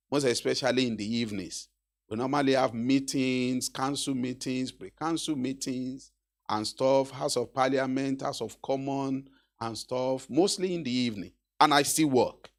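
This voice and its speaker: A middle-aged Nigerian man with a Yoruba accent speaks to an audience at a graduation. His pitch sits in the middle range. He talks in an exhortative, storytelling way and turns to the crowd with questions. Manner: exhortative, anecdotal, with asides to the audience. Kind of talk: encouraging speech to an audience.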